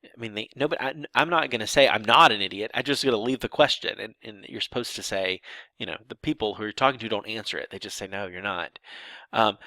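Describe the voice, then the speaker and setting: A man's voice: lowish voice, fast talker, sharp tone, no room sound. A man teaching sign language grammar in a lecture, explaining step by step with fillers and restarts and acting out example sentences.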